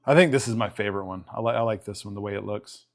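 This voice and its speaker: A middle-aged man casually chatting on a livestream while opening trading cards, relaxed and rambling, often breaking off mid-sentence. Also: fairly low pitch, quick pace.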